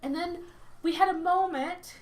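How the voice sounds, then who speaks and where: A woman co-hosting a podcast, telling stories in an animated, casual way. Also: extremely high pitch, a little slow. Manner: animated storyteller, laughs easily. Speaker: podcast co-host. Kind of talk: casual chat.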